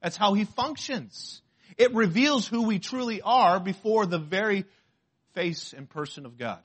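A man, a pastor, preaching a sermon and telling a story from his own life in an animated way. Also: sits high, measured pace, slightly rough. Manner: animated storytelling, shouts when acting out pain.

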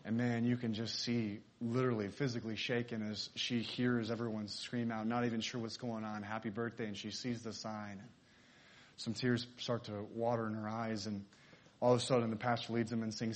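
A man's voice: fairly low pitch, flat delivery, moderate pace. A man preaching, telling a story in a sermon and acting out the characters' lines.

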